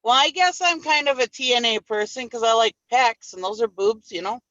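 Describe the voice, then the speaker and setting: A woman's voice: on the high side, brisk, sharp tone, no echo, muffled recording. A woman in a casual group chat, outspoken and giggly.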